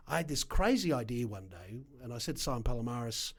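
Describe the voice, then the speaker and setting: A middle-aged Australian man, speaking with an Australian accent, tells his story as a guest in a casual interview. His mid-range voice is brisk, and his delivery is animated and emphatic, with punchy asides.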